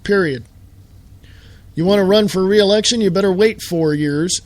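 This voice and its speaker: A man's voice: sits high, moderate pace, a little mellow, no echo. A man hosting a live show, delivering a heated, sarcastic political rant full of rhetorical questions.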